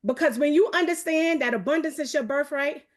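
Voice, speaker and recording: A woman from New York with a New York accent, hosting a live motivational accountability call with fast, energetic, hype-building talk that keeps calling out to her audience. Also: sits high. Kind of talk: live online motivational coaching.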